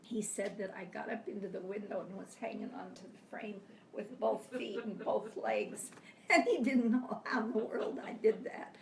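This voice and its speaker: An older woman, a grandmother, gently telling family stories with soft laughs, her voice close to tears. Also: medium pitch, animated, moderate pace, gravelly, a crowd in the background. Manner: gentle, reflective storytelling with frequent soft laughs. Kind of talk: personal storytelling. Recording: echoey room, mic far off, faint background hiss.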